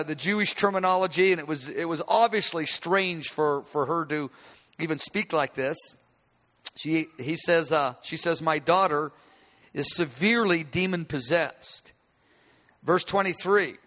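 A man's voice: fairly high pitch, sharp tone, in a large hall. A male preacher giving a conversational sermon, explaining a Bible passage with frequent restarts.

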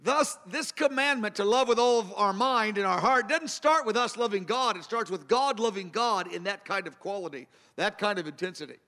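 A man's voice: high voice, moderate pace, hardly any pauses, bright, forceful tone. A man preaching a sermon, earnest and emphatic, circling back to repeat his key phrases. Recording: long hall reverb.

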